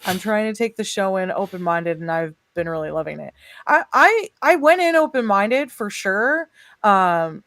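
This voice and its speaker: Lively woman co-host, dry sound. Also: mid-range voice, normal speed, no echo. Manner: expressive, laughs often, lots of fillers. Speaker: podcast co-host. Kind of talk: casual reaction chat.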